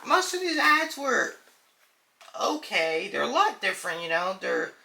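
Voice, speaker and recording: A man's voice: high voice, wildly swooping pitch, a little slow, gravelly, bright, forceful tone. Rambling young man reacting to old ads. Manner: rambling, filler-heavy, says "dude" and "guys" a lot. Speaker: video host. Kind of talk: casual reaction commentary.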